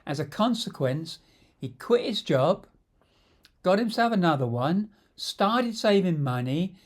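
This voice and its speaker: A middle-aged man telling stories from his own life in an unhurried, conversational way. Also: sits high, animated. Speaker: storyteller and coach. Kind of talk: memoir storytelling.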